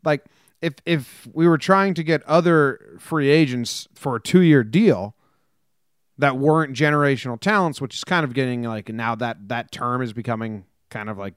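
A man's voice: mid-range voice, a bit bright, no echo, studio quality. Chatty man co-hosting a podcast. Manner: chatty, quick asides and laughs. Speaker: podcast co-host. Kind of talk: casual podcast chat.

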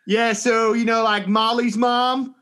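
A high, drawling Californian school parent full of catty gossip, played by a man putting it on. The voice sits well above his own and pushes up to a yell, with a slow, mocking valley-speak lilt. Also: flat delivery, full character voice. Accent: mock Californian. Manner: drawling, sneering, high-pitched.

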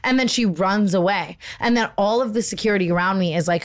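A young woman hosting a chatty podcast, telling her story with lots of animation and plenty of swearing. Her voice sits at a middle pitch. She acts out every quoted line as she goes. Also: quick pace, few pauses. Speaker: podcast host. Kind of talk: casual chat with ad reads.

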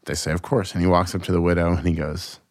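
Deep-voiced comedian guy on a podcast, tells jokes fast with lots of asides. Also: gravelly. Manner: animated storyteller, quick asides and restarts. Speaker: comedian guest. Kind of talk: casual podcast conversation.

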